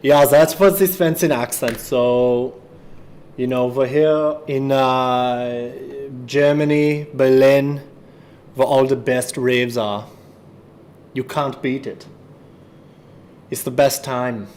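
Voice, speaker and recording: Speaking slowly in a darkish, mid-range voice, a man produces music on a livestream and chats offhandedly to himself and his viewers. He swears casually now and then, and the recording carries a faint hiss or hum.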